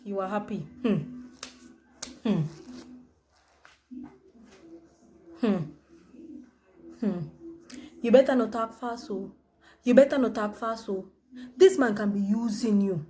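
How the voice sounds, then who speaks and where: A woman's voice: medium pitch, a little slow, pauses often, dark tone, natural voice. A Nigerian woman acting a jealous female friend who needles and doubts in a comedy skit. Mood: suspicious. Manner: sceptical, needling, humming disapprovingly.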